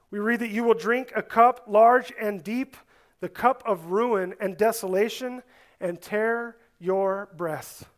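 A man preaching a sermon, earnest and deliberate, rising to stress some words and dropping low on others. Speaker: pastor.

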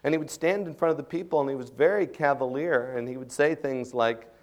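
A man's voice: mid-range voice, brisk, highs cut off. A middle-aged man preaching a sermon as a pastor, earnest and emphatic, building in intensity as he drives his points home.

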